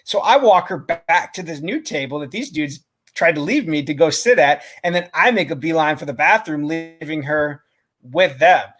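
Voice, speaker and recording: A man's voice: on the high side, expressive, normal speed, fairly bright tone, soft background music. A man co-hosting a podcast, telling a story in a casual way, swearing often, laughing and restarting his sentences. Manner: profane, laughing, many restarts. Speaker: podcast co-host.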